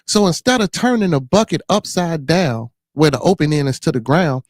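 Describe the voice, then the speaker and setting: A man with a Chicago accent telling stories and chatting on a podcast, animated and profane, with lots of restarts. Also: fairly high pitch, normal speed, no echo, studio quality. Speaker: podcast host. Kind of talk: casual chat.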